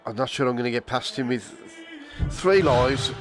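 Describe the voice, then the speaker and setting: A VR gamer streamer plays a shooter and comments as he goes, grumbling and cursing at the enemies through his headset mic while game music plays. His voice has a medium pitch and moderate pace.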